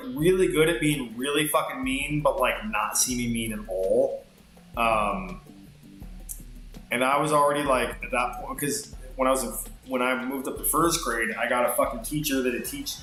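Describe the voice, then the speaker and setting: A man's voice: mid-range voice, pushed and bright, reverberant. A man telling a rambling, profane story while playing a game, full of fillers. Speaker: streamer. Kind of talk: casual storytelling while gaming.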